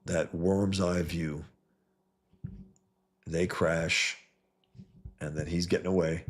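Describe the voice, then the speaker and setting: A man's voice: low-pitched, flat delivery, slow, pauses often. A man hosting a casual live stream, enthusiastically pointing out details of comic art and often repeating and restarting his words. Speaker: comics artist host.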